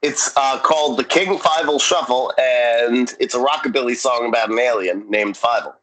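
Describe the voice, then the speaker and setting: A man's voice: mid-range voice, fairly bright tone, rough recording. Joking male podcast co-host. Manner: joking, rambling recap with quick asides. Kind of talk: casual chat.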